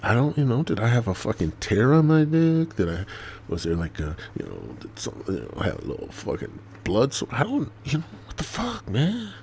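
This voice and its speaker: A man hosting a podcast, rambling crudely and swearing a lot, dropping to mutters and jumping into loud mock voices. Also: mid-range voice, huge pitch swings, moderate pace, vocal fry, a little hiss or hum. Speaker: podcast host.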